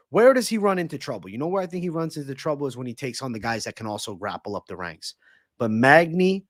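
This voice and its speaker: A man's voice: on the high side, dry recording, studio quality. A young man hosting a live stream, reading chat and breaking down fights in brash, profane banter. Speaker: livestream host and fight analyst.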